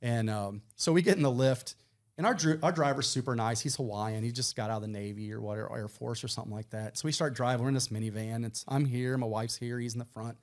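A middle-aged man from Texas tells a rowdy anecdote at a brisk clip. He swears freely and acts out everyone's lines in quick quoted bursts, keeping his talk at an everyday pitch. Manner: animated, profane anecdote-telling with quoted voices. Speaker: podcast guest. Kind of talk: casual storytelling.

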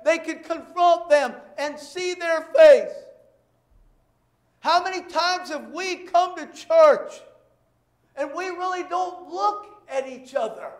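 A man preaching a sermon as pastor, emphatic and repetitive, acting out quick bits of dialogue to make his points. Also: extremely high pitch. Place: church. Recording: echoey church sanctuary.

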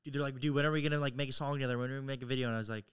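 A man's voice: medium pitch, steady tone, racing, clean tone, no room sound. Laid-back young man, dry close sound. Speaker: podcast co-host. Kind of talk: casual chat.

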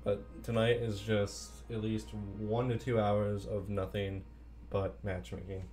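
Male streamer, lowish voice, playful chat with viewers, faint music behind. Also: level tone, measured pace, warm tone. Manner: playful, chatty, reading and answering chat while playing. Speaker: game streamer. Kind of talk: casual live-stream chat.

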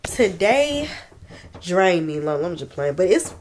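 A woman's voice: on the low side, big pitch swings, takes it slowly, a little mellow, a little hiss or hum. A young woman, a mother, chatting casually to her viewers in a home vlog while sick and achy, calling them "y'all" at every turn. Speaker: lifestyle vlogger and mother. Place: at home, in a bedroom.

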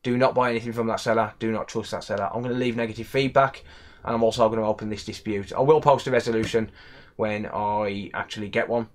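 A man's voice: on the low side, fairly even intonation, fast. Annoyed man with a West Midlands accent. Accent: West Midlands English. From England. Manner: annoyed, ranting, repeats himself. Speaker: electronics repair technician. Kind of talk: casual vlog commentary.

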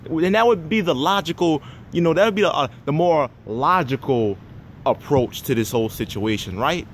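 A man in a heated rant, swearing at almost every turn and circling back over his own words. His voice sits fairly high for a man. Faint traffic hum runs behind him. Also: lively intonation, moderate pace. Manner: heated, swearing constantly, repeating himself. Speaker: vlogger. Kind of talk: profane angry rant.

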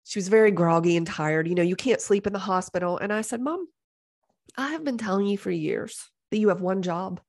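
This podcast host is a middle-aged woman recounting a story in a loose, lively way, half exasperated and half joking. Her medium-pitched voice moves fairly quickly, and she frequently imitates the voices of others.

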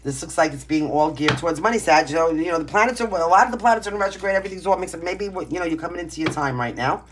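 Lowish and rapid-fire, this woman's voice comes with slight background noise. A Brooklyn-born tarot reader with a Brooklyn accent, she does a casual reading from her home, where pets are nearby, and her manner is brash, blunt and emphatic.

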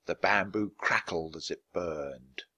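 A man narrating a children's storybook aloud, expressive and switching voices for each character. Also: low-pitched, takes it slowly, slightly rough. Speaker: audiobook reader.

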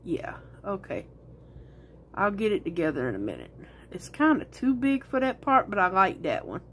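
A woman's voice: mid-range voice, big pitch swings, normal speed, fairly bright tone, a little hiss or hum. A woman talking casually to her viewers while she makes resin crafts, thinking aloud and rambling as she works.

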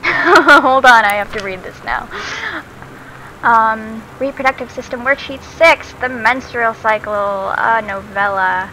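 Chatty young woman with a bright voice. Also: on the high side, takes it slowly, slight background noise, low-quality recording. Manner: chatty, giggly, reads notes aloud. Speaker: let's play host. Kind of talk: casual gameplay commentary.

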